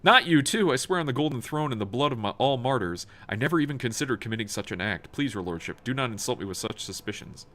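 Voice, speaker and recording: A man voicing an anxious male governor, indignant, pleading, raised pitch. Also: expressive, quick pace, hardly any pauses, fairly bright tone, lightly acted. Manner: pleading, protesting innocence.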